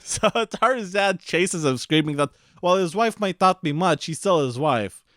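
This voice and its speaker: A man's voice: high voice, lively intonation, moderate pace, a bit bright, no room sound, studio quality. A man narrating a crude comedic recap in a sarcastic, profane manner. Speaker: recap host.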